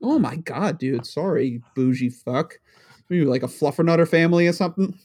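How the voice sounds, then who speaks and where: A man's voice: fairly high pitch, expressive, fairly quick, a little mellow, husky. A man in his thirties from New England, co-hosting a casual chat, rambling and giggling with stammering restarts. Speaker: podcast co-host, father.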